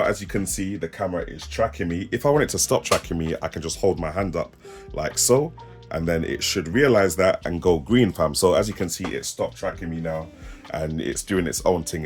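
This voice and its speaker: A young man with a South East London accent, demoing a webcam to camera in casual slang, laughing and joking as he goes. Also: low voice. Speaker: tech reviewer. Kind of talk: casual product demo to camera.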